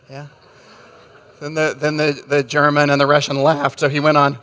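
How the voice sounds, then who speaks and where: A man's voice: a little high, little pitch movement, measured pace, long pauses, pushed and bright, big-room sound. A man preaching a sermon in a conversational, wry way, telling stories with jokes and asides. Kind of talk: sermon with storytelling.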